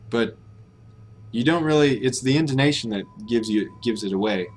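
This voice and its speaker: A man's voice: on the low side, lively intonation, normal speed, slight background noise. An American man hosting a language-learning live stream, thinking aloud in a hesitant, self-correcting way. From United States. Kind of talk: casual live-stream commentary.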